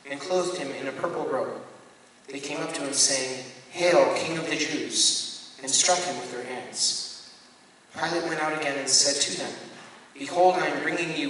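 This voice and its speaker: A man, a Catholic priest, reading scripture aloud at a measured, deliberate pace and now and then correcting himself. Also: a little high, bright, forceful tone. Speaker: Catholic priest leading a Bible study. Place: parish hall or church room. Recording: echoey hall, voice from far off, faint room noise.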